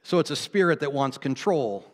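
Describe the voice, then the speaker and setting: Male pastor, sermon delivery, loud peaks and quiet asides, reverberant church hall. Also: expressive, moderate pace. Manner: swings from loud exclamations to low, quiet asides; laughs between points, conversational. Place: church sanctuary.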